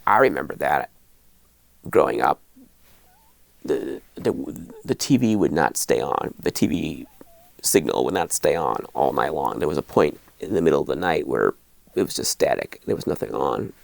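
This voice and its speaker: A middle-aged man hosting a horror video, talking casually to camera in a rambling, animated way with lots of restarts. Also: very deep voice, moderate pace, creaky, no room sound.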